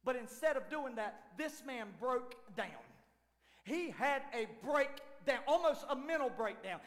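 A man preaching a sermon as lead pastor, dramatic, swinging from shouts down to near whispers. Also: extremely high pitch, lively intonation, unhurried. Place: church sanctuary. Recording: echoey church hall with faint piano.

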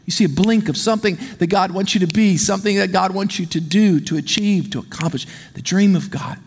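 A man preaching a sermon, lively and animated, leading the congregation in call-and-response. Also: sits high, brisk. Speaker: pastor. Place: church sanctuary. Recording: long hall reverb.

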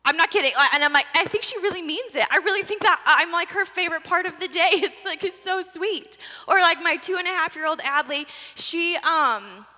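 A woman's voice: very high-pitched, fairly quick, few pauses, bright, forceful tone. A woman, giving a casual sermon talk in a chatty, filler-heavy way with laughing asides. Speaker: church speaker. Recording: reverberant hall.

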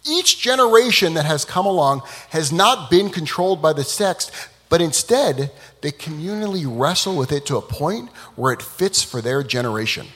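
Guy giving a talk, super lively voice, kinda husky, big echoey hall. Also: fairly high pitch, moderate pace. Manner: animated, dramatic storyteller. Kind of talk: public talk with storytelling.

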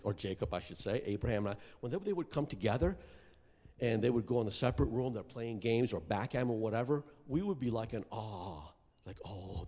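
A middle-aged man from Iraq preaching a sermon testimony, impassioned and building to shouts at its peaks. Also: lowish voice. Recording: long hall reverb.

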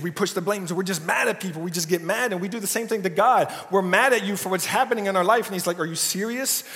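Jokey pastor in an echoey hall. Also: male voice, sits high, fairly bright tone. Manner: casual and jokey, often asks "right?". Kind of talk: conversational sermon. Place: church sanctuary.

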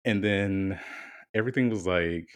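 A man's voice: low-pitched, measured pace. A man co-hosting a podcast, telling a candid, chatty story in casual conversation with some swearing. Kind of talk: casual chat.

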